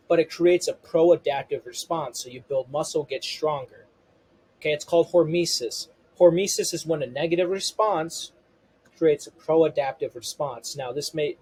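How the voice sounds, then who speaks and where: A man with a voice pitched a little above the usual male range runs through a health lesson. His tone is husky rather than clean. He keeps checking in with "okay" and "you know" as he walks through each point. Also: a little mellow, poor audio. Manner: repeats "okay" and "you know" as fillers, explains step by step. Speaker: functional health coach. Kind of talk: explanatory health lesson to camera.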